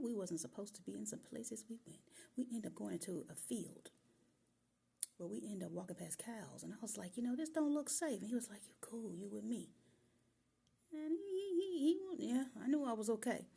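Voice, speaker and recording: A woman's voice: mid-range voice, vocal fry, slightly rough. A woman telling a personal story in a casual, colloquial way, calling her listeners "y'all" and often dropping into whispered asides. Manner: lively, drops into whispered asides.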